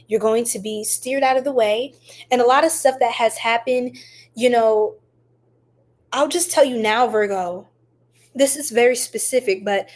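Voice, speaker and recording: A woman hosting a casual tarot livestream. Her voice sits a touch high, and she talks slowly. She is chatty and affectionate as she reads viewer comments aloud. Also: darkish tone. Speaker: tarot reader livestream host.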